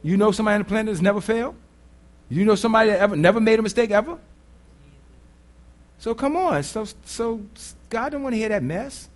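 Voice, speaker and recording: A pastor preaching a sermon in a blunt, conversational way, often putting rhetorical questions to the congregation. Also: male voice, sits high, expressive, quick pace. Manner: blunt, earthy phrasing.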